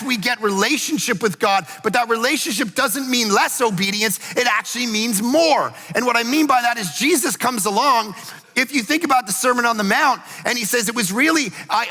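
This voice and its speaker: A male pastor giving an animated, storytelling sermon in a church, rising now and then to shouts. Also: very high-pitched, creaky, in a large hall. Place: church auditorium.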